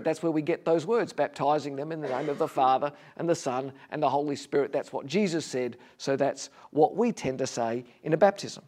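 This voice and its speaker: Male pastor, casual preaching voice, pitched a touch high, asks the room questions. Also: expressive, fairly quick, hardly any pauses. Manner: conversational, rhetorical questions, gently humorous. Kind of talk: sermon.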